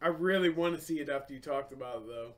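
A man co-hosting a podcast in casual chat, quick to laugh and answering briefly. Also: fairly high pitch, a bit bright. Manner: laughs a lot, short replies. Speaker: podcast co-host.

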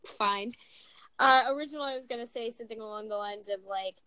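Animated high-voiced young woman chatting. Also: fast talker, clear, resonant tone, low-quality recording. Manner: animated, filler-heavy rambling. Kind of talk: casual chat among friends.

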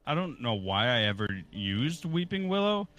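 A man with a bright, forceful voice and a lively, swinging pitch, joking his way through a casual stream chat. His talk is playful and he swears now and then. Faint music plays underneath. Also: moderate pace. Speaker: stream host.

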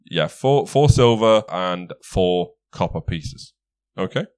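A man's voice: sits low, animated, slow pace, a little mellow, clean tone, dry recording. Man running a tabletop game. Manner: chatty, laughs often, corrects himself. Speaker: game master. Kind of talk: casual tabletop game narration.

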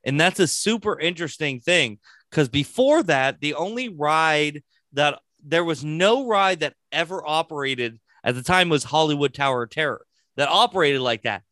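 A man's voice: fairly high pitch, lively intonation, moderate pace, sharp tone, no room sound, studio quality. A man chatting casually and telling a story with plenty of swearing. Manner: storytelling with profanity. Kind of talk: casual chat.

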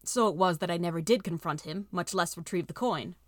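A woman reading a story aloud with steady, expressive narration. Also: on the low side, fairly quick, no echo, studio quality. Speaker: audiobook reader.

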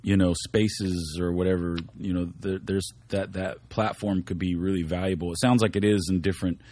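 A man's voice: deep voice, flat delivery, moderate pace, darkish tone, slight background noise. A man talking in a casual podcast interview, laid-back and swearing freely as he rambles through stories. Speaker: guest rapper. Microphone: studio microphone.

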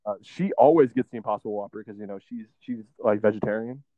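A man's voice: lowish voice, fast talker, dry recording. Young man on a tinny, phone-like line. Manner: laughs often, slangy and loose. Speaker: podcast co-host. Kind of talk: casual podcast chat.

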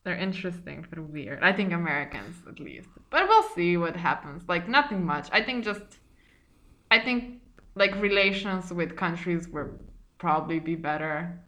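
A woman's voice: fairly low pitch, animated, moderate pace, bright, forceful tone. A young woman from Slovenia co-hosting a casual chat, talking loosely with many fillers and frequent laughs. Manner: chatty, laughs often, lots of "like" fillers. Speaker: podcast co-host.

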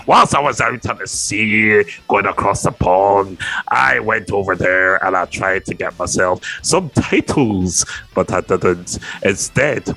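A man's voice: deep voice, vocal fry, bright, forceful tone, husky, exaggerated voice. A man voicing a boastful, swaggering male pirate captain in bawdy sea-dog patter.

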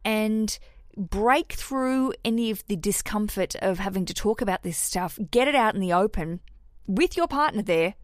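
Swearing freely and mimicking voices to quote others, an Australian podcast host gives casual, candid wedding advice in response to listener questions. She sounds animated, with a mid-range voice at normal speed, in studio-quality audio without echo.

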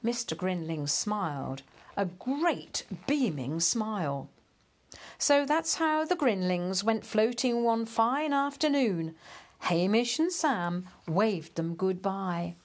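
A woman reads a children's storybook aloud at an unhurried pace, her mid-pitched voice even and measured. She gives each phrase room to land. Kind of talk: storybook read-aloud narration.

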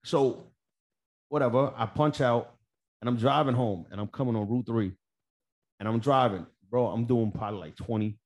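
New man, mid-pitch, casual podcast storyteller, salty and animated. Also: normal speed. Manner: profane, animated, acts out dialogue. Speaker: podcast co-host.

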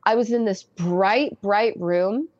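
A woman's voice: medium pitch, takes it slowly, darkish tone, dry recording. A woman in her early thirties tells a personal story as an interview guest. She is chatty and giggles often, and she restarts her sentences and says "like" a lot. The audio is dry and a little dull. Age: early 30s.

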